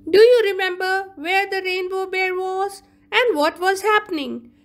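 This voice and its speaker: Slow, high-voiced woman teacher. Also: steady tone. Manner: slow, explaining word meanings carefully. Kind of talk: online class lesson.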